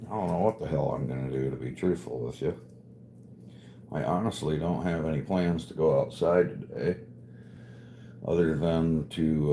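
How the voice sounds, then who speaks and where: Against a noisy background, a man with an extremely low voice runs a casual livestream. He's easygoing and profane, cracking jokes and reading viewers' chat messages aloud.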